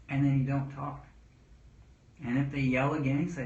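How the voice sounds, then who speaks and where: A man's voice: medium pitch, moderate pace, pauses often. A man who is a children's pastor, giving casual parenting advice to camera in a rambling way with restarts. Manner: rambling, with restarts and calm demonstrations of speech. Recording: roomy, dull sound with faint noise.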